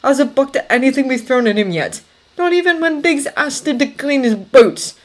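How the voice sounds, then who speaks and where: A woman reading a story aloud, voicing a loyal, measured male army corporal who speaks plainly. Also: high-pitched, lively intonation, voice pushed up. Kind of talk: audiobook character voice.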